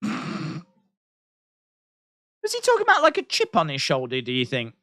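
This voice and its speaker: A man's voice: fairly high pitch, wildly swooping pitch, normal speed, bright, forceful tone, no room sound, clean studio sound. A man reacting live to a wrestling show, repeating lines and laughing at his own jokes.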